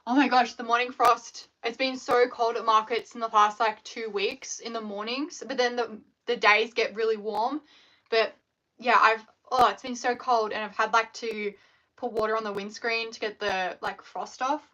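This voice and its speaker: A woman's voice: on the high side, fairly even intonation, normal speed, bright, forceful tone. A young Australian woman chatting casually on a live stream, rambling with lots of fillers. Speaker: scrunchie maker live-streaming. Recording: dull lo-fi livestream audio.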